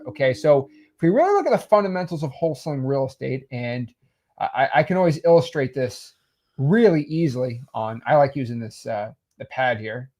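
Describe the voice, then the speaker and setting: A man casually teaching real estate wholesaling while sketching, animated and salesy. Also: mid-range voice. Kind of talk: casual whiteboard explainer.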